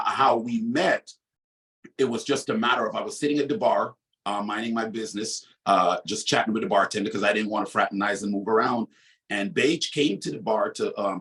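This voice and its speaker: West Indian man, lowish voice, off-mic. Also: a bit bright, recorded from a distance. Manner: open, conversational storyteller. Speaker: interview guest. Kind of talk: candid anecdotal storytelling.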